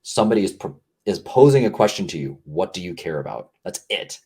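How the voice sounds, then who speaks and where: Husky and mellow, his voice sits low, swings widely in pitch, and moves a little fast. As a podcast guest he muses in a reflective, conversational way, rambling earnestly and filling his thoughts with "like."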